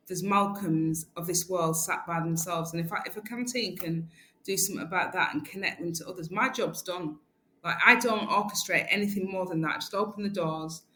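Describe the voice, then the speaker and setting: Animated woman telling a story in an echoey room. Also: lowish voice. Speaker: guest, community organiser. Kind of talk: casual storytelling interview. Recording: echoey room, faint background noise.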